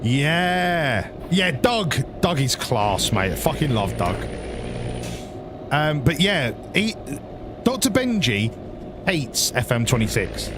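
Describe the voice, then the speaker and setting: A man streaming a driving game, talking in a loose, sweary ramble full of restarts. His voice sits a little high and swings about animatedly. Engine and road noise from the game run clearly underneath. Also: sing-song, slow. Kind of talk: casual live-stream chat.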